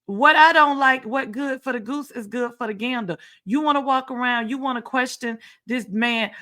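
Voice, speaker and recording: A woman's voice: fairly high pitch, normal speed, hardly any pauses, pushed and bright. A woman hosting her own talk show, giving emphatic, repetitive commentary with sarcastic asides. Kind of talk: casual commentary on reality TV. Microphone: home setup, screen sharing.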